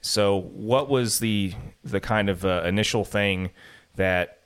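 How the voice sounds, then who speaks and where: A man's voice: lowish voice, takes it slowly, smooth. A man hosting a casual interview, rambling with lots of "you know" and "um" fillers. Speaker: podcast host.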